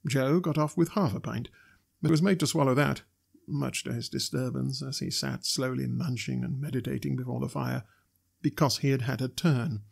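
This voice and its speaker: A man reading a classic novel aloud as narrator, in a measured, steady way. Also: mid-range voice, creaky, husky. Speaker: audiobook narrator. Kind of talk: scripted narration.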